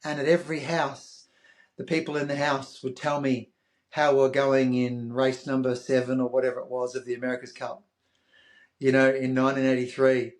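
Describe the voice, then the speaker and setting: An Australian man in his fifties, a podcast guest telling a story with animation and acting out the voices of others. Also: medium pitch. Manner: animated, acts out quoted voices. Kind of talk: interview storytelling.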